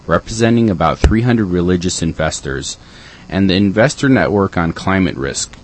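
A man's voice: sits low, a little hiss or hum, rough recording. A man co-hosting community radio, reading environmental news items with dry joking asides.

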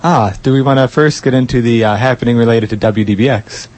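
A man's voice: mid-range voice, fairly even intonation, fast, darkish tone. A man with an ordinary mid-range voice co-hosting a casual community radio show. He sounds easygoing and supportive, often laughing along with his partner. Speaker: radio co-host.

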